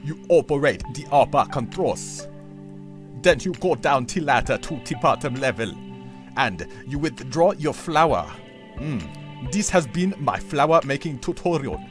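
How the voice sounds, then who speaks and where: A man voicing a tutorial guide in a made-up, hard-to-place accent, giving slow step-by-step instructions. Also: mid-range voice, very animated, soft background music. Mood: instructive.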